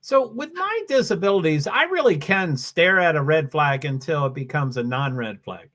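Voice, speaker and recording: A man with a high voice talks casually through a livestream of a race. He rambles, trips over his own sentences and restarts them, and keeps chatting to his viewers. He speaks from a desk mic at home. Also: animated, moderate pace, a bit bright. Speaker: livestream host. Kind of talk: casual live commentary on a race stream.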